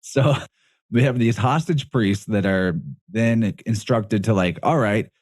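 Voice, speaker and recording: A man's voice: fairly low pitch, slow pace, darkish tone, dry recording, clean studio sound. A man speaking as a guest on a podcast, explaining in a casual, rambling way, often correcting himself and laughing mid-sentence.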